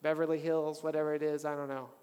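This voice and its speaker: A man with a notably high voice preaches a sermon, rising into animated bursts and asking the congregation to speak along. His words ring out with the long reverb of a large hall. He sounds like a pastor at the pulpit. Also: quick pace, clear, resonant tone. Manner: animated, calls the congregation to respond.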